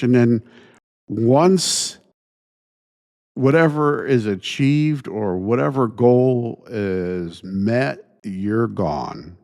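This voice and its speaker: A man hosting his own show, ranting indignantly in a halting way, restarting phrases and sighing between thoughts. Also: mid-range voice, creaky, darkish tone. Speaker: podcast host. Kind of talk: solo opinion rant.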